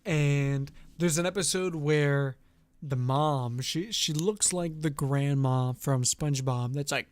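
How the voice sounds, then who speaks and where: Casting note: man streamer, slightly high voice, dry close sound, rambling storyteller. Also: slow pace, clean tone, no echo. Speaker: streamer host. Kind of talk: casual chat on a live stream.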